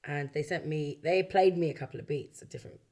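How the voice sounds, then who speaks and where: A London woman in her early forties, a backing singer and songwriter, telling stories from her career in a relaxed interview, acting out quoted voices and laughing often. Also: sits low, quick pace. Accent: London English. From London, England. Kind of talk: casual chat.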